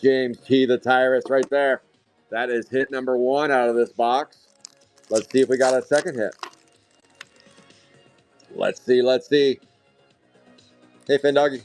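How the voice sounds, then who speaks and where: A man hosting a live card break, calling out hits in a hyped, rapid, joking way while out of breath. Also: on the high side, a little mellow, faint music behind.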